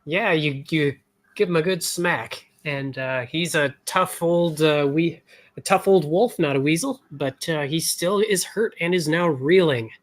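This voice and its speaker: A man's voice: fairly high pitch, measured pace. A man narrating a tabletop role-playing session as game master, casual and often laughing.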